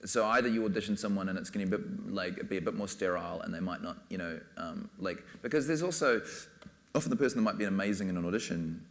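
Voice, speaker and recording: A man's voice: deep voice, fast talker. A man speaking as a film director on a panel, rambling casually with many fillers. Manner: rambling, full of "you know" and "like".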